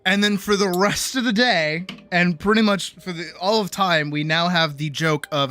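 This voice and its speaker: A woman streamer telling a story in casual chat, animated, laughing often and swearing freely. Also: normal speed, soft background music. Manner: quotes people in big high-pitched voices.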